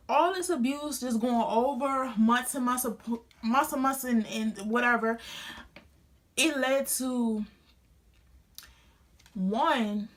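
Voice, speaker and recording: A woman's voice: a little high, a bit bright. A young woman vlogger telling a painful personal story to a phone camera in casual, earnest speech full of restarts. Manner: earnest and emotional, many restarts. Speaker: beauty vlogger. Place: home studio.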